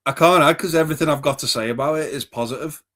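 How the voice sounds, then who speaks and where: A man's voice: fairly high pitch, fast, a bit bright. A man co-hosting a casual podcast chat, easygoing and agreeable, often saying yeah.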